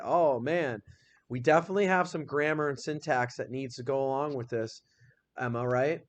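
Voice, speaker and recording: Leading a grammar lesson, a mid-range-voiced male teacher sounds upbeat and energetic. He quizzes the class in rapid fire and takes his time reading example sentences aloud.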